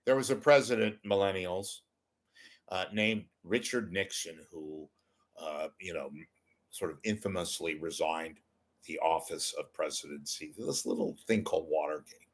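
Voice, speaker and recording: A man's voice: low-pitched, normal speed, breathy edge. A man hosting a casual monologue show, rambling and self-deprecating. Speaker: host.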